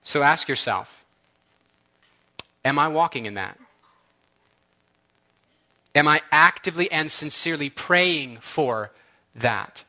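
Church elder, man, fervent sermon delivery, somewhat high and sharp voice. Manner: earnest, impassioned, talks straight to the congregation.

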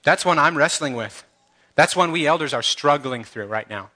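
Church elder, man, fervent sermon delivery, somewhat high and sharp voice. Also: lively intonation, moderate pace. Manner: earnest, impassioned, talks straight to the congregation.

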